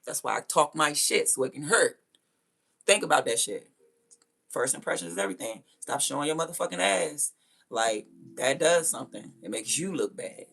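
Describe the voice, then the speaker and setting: A woman's voice: extremely low pitch, expressive, moderate pace, creaky, fairly bright tone, slightly rough, soft background music. A young woman hosting a livestream, ranting bluntly and confrontationally with lots of profanity. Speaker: livestream host. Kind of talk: casual livestream rant.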